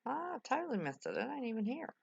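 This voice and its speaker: A woman's voice: high-pitched, very animated, fast talker, creaky, breathy edge, lo-fi sound. An older woman, chatting folksily with her livestream viewers, full of exclamations. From West Virginia. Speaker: livestream host. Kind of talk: casual chat with live viewers.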